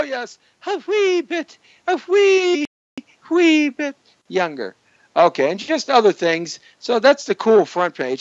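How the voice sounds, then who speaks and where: A man hosting his live online show, rambling and joking, jumping into sudden high squeaky bits. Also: no echo. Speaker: host. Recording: dull lo-fi stream audio.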